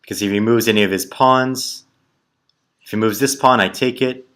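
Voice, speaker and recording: This man solves chess tactics puzzles out loud, murmuring moves in brief, clipped bits as he calculates. He speaks at normal speed in a lowish, steady voice with a fairly bright tone.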